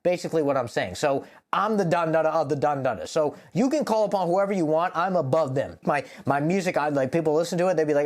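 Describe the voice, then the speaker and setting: A man's voice: a little high, expressive, quick pace, hardly any pauses. A man talking casually as a rapper, explaining the meaning of his own lyrics in a rambling, profane way, full of "like.". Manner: rambling, profane, heavy use of "like". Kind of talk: casual lyric breakdown to camera.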